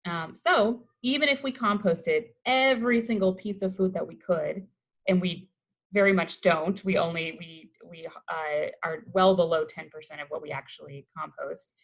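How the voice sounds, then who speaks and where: A woman's voice: fairly low pitch, moderate pace, rough recording. A woman from Colorado, a waste-reduction educator, giving an upbeat, conversational webinar presentation over a video call. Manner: upbeat, conversational, enthusiastic about the topic.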